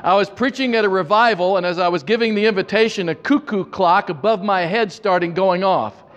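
In a church sanctuary, a male pastor preaches a sermon that shifts from wry, joking stories to slow, earnest reflection. His voice is high for a man and fairly bright, and a long hall reverb trails every phrase.

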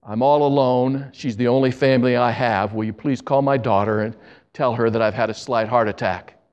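A man's voice: medium pitch, fairly even intonation, moderate pace, darkish tone, smooth, lo-fi sound, lightly acted. Man playing an older father in a hospital bed, lonely, earnest, urgent. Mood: urgent pleading.

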